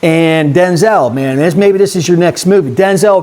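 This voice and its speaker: A man's voice: fairly high pitch, lively intonation, normal speed, few pauses, a little mellow. A man hosting a casual vlog, rambling and chatty as he talks straight to his viewers. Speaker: YouTube host.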